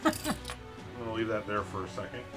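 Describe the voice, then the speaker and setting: A housemate chatting casually from across the room, goofy and prone to loud bursts of laughter. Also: medium pitch, steady tone, brisk, over music. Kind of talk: casual off-mic chat.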